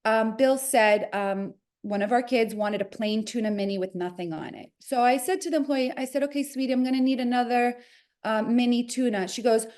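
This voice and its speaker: A woman in her forties with a New Jersey accent delivers a brisk, animated story as a guest in an interview. Her voice runs a little high, and she plays out every quote with energetic shifts.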